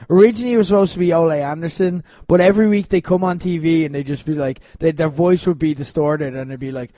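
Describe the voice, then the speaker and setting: A man's voice: on the high side, fast, dark tone, dry recording. A man co-hosting a casual podcast, rambling and laughing as he tells stories, swearing now and then. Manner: rambling, laughing, profane storytelling. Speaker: podcast co-host.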